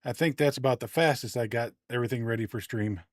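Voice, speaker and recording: Guy streamer, mid-pitch, a bit winded, dry close sound, easygoing chatter. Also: fast talker, dry recording. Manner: chatty, talks softly to his dog. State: out of breath. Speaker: game streamer. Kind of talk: casual live-stream chat.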